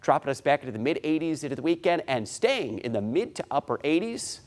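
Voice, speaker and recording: A man's voice: on the high side, sing-song, fast talker. A man delivering a TV weather forecast as a meteorologist, with an urgent, emphatic broadcast delivery.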